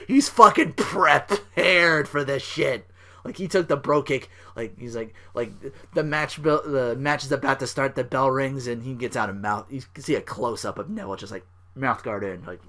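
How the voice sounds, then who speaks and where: A young man hosting a podcast, recapping wrestling in a rambling, casual way, swearing freely and acting out wrestlers' lines in loud bursts. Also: mid-range voice, expressive, normal speed. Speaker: podcast host.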